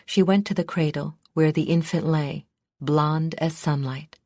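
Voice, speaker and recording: Low voiced lady reading a fantasy audiobook, steady and even, dry close mic. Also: a little slow, dry recording. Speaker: audiobook narrator. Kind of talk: scripted narration.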